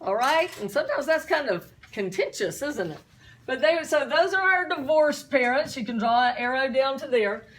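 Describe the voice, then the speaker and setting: A woman's voice: high voice, fairly bright tone. A middle-aged woman teaching a class, chatty and full of stories, often asking the students questions.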